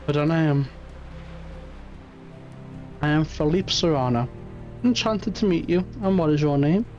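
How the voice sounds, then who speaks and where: A man with a voice on the high side, darkish in tone and natural, reads a game role as a lovesick, flamboyant Spanish fishmonger in a put-on Spanish accent at normal speed. The stream audio is muffled, with faint music.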